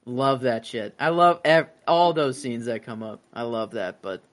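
Speaking a little slowly, a podcast host meanders through a casual conversation, restarting often and filling gaps with filler words. His voice has a medium pitch, lively intonation and a fairly bright tone.

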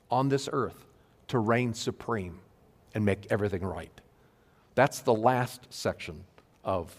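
A male pastor giving an earnest sermon to his congregation, stressing key phrases slowly. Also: mid-range voice, fairly bright tone. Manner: earnest, emphatic preaching with slow stressed phrases. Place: church sanctuary. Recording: long hall reverb.

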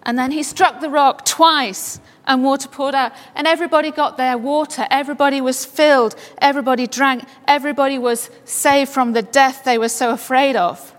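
High-voiced woman preaching in a reverberant hall. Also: steady tone, normal speed, few pauses. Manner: builds to fervent exclamations. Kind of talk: sermon with scripture reading.

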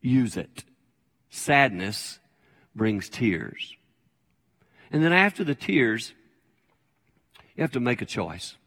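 A man's voice: medium pitch, big pitch swings, takes it slowly, long pauses, fairly bright tone. An older man preaching a sermon as a pastor, conversational and plain-spoken, repeating his key phrases. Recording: long hall reverb.

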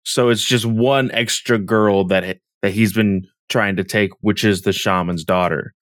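A man co-hosting a podcast, recapping a comic chapter in a relaxed, casual way, full of fillers and hedges. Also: lowish voice, a little slow, no echo, studio quality. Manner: relaxed, with filler words and hedges like "kind of" and "or whatever". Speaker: podcast co-host.

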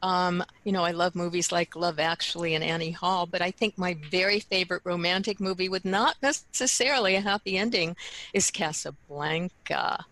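A woman co-hosting a casual chat show, talking in a relaxed way with soft laughs and fillers. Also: fairly low pitch, normal speed, no room sound, rough recording. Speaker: co-host.

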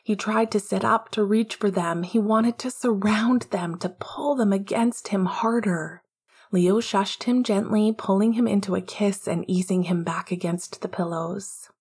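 A woman narrating an audiobook in a hushed, intimate way, often half-whispering. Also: mid-range voice, a little slow, slightly rough.

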